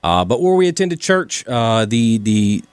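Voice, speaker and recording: A man's voice: mid-range voice, big pitch swings, measured pace, clean tone, no room sound. A man in his thirties, a sheriff's deputy, talking plainly in a radio interview with many fillers and restarts.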